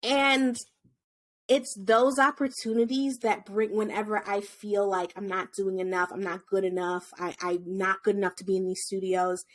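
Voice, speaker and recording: A woman yoga teacher chatting as a podcast guest, telling animated stories, acting out the children's voices and swearing freely. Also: normal speed. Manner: animated storytelling, acts out kids in high voices, swears freely. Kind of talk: casual podcast chat.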